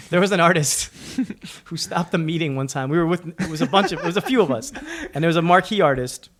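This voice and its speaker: A man's voice: on the high side, brisk, crowd noise. A man from Suriname, a podcast guest telling stories in casual chat and acting out the voices of the people in them. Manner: animated, acts out quoted voices. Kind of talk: casual storytelling.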